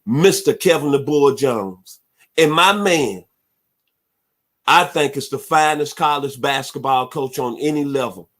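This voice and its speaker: Man, sports radio host, heartfelt, shouts out his team, mid-pitched voice. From Memphis, Tennessee. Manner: heartfelt, preacher-like shout-outs. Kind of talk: casual sports radio talk.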